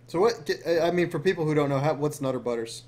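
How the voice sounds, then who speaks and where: A man's voice: fairly high pitch, fast talker, noisy background. A man hosting a casual gaming podcast, asking questions and agreeing with the others. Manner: prompting, agreeable, short backchannels.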